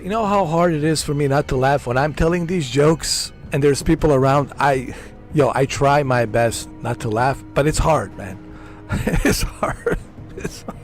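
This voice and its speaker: A man's voice: medium pitch, moderate pace, faint music behind. A man giving casual gameplay commentary, giggling and breaking into laughter often. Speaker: gamer streamer.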